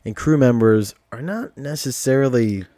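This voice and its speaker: A man hosting a podcast, chatting casually and telling stories in an animated, swearing way. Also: mid-range voice, normal speed, no echo. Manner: animated storyteller, swears freely. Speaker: podcast host. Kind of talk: casual chat.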